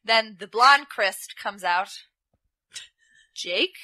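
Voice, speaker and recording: Bright, lively young woman podcaster. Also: on the high side, drawn-out words, dry recording. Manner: animated storytelling, acts out quotes in playful voices. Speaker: podcast co-host. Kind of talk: casual chat recapping wrestling.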